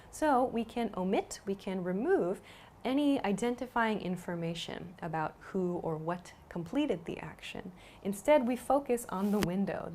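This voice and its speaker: A woman teaching a grammar lesson, explaining slowly and clearly and repeating example sentences. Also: medium pitch, darkish tone, a little hiss or hum. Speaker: English teacher.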